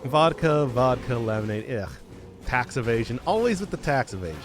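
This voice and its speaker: Soft background music accompanies a male game streamer with a Midwestern accent, whose medium-pitched voice swings widely in pitch. Speaking into a desk mic through a mixer, he rambles, restarts and interrupts himself, laughing readily as he talks to viewers live.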